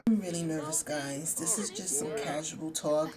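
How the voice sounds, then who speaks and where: A woman's voice: low-pitched, moderate pace. A woman hosting a game video, narrating the action to viewers in a gushy, dramatic, casual way, with game music behind. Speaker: let's play host.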